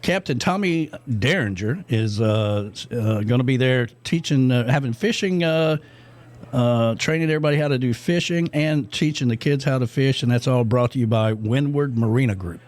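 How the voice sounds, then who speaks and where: A man's voice: mid-range voice, moderate pace, a little mellow. Rambling middle-aged radio co-host man. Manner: rambling, many fillers and restarts. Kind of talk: casual radio chat.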